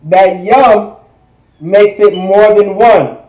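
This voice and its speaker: A man's voice: sits high, drawn-out words, warm tone, reverberant, low-quality recording. A man teaching a livestreamed language class, repeating phrases and checking in with viewers. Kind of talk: online language lesson.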